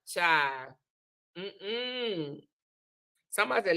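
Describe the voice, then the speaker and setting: A woman's voice: a little high, animated, a little slow, pushed and bright. A middle-aged woman hosts a live stream, giving sassy, preachy advice and calling her viewers honey and child. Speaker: livestream host. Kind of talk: casual live-stream chat.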